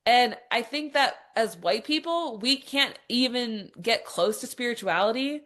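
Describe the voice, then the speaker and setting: A woman's voice: a little high, fairly bright tone. A woman hosting a podcast, ranting in an exasperated, mocking, profane way with lots of "like". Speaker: podcast host. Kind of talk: opinionated podcast monologue.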